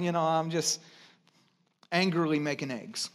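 High-voiced man preaching with sweeping intensity. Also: animated. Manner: impassioned preaching, swinging from loud and high to hushed and low; repeats phrases for emphasis, draws drawn-out quotes. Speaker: pastor. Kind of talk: sermon.

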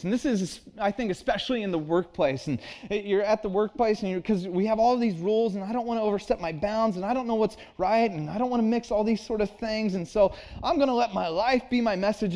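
Pastor, male, higher register, conversational sermon with earnest tone. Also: darkish tone. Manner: earnest, conversational preaching with acted-out asides.

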